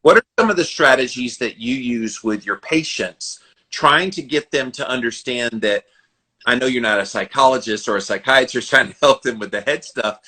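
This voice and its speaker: A man hosting a podcast interview, chatty and quick to laugh, asking long rambling questions. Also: medium pitch, pushed and bright, husky, poor audio. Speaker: podcast host.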